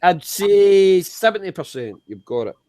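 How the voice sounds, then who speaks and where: A man's voice: sits high, very animated, measured pace, darkish tone, no room sound. A man in a voice chat teasing a friend and laughing often, in a casual tone. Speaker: voice chat participant.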